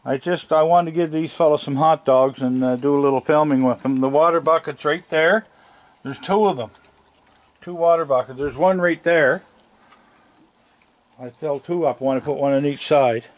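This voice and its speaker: An older man, chatting casually outdoors at his house, plainspoken, coaxing the animals gently as he talks. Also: a little high, moderate pace. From Nova Scotia, Canada. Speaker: wildlife vlogger. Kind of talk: casual talk while feeding raccoons.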